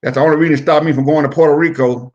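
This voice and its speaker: A middle-aged former wrestler telling stories in a casual interview, profane and animated, acting out the voices of the people in them. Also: male voice, on the high side, racing, muffled recording. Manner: profane, animated storyteller who acts out quotes.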